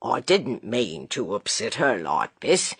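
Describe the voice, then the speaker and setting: An audiobook narrator voicing a good-natured young detective who speaks slowly and earnestly in plain working-class speech. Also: medium pitch, big pitch swings, husky, no room sound, pitched below the performer's own voice, heavily acted. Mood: sheepish.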